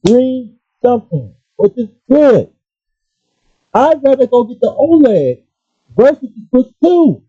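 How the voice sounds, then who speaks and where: A man ranting casually about gaming and pausing often to apologize for his language. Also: very high voice, husky, no echo. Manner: animated, apologetic asides, restarts. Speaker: gaming commentator. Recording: dull lo-fi, dry.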